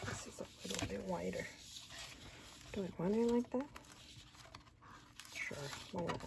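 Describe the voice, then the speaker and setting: A woman's voice: medium pitch, moderate pace, creaky. A woman hosting a casual paper-craft tutorial, chatting and counting aloud as she folds and cuts, recorded with noise and handling clicks. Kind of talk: casual hands-on craft demonstration.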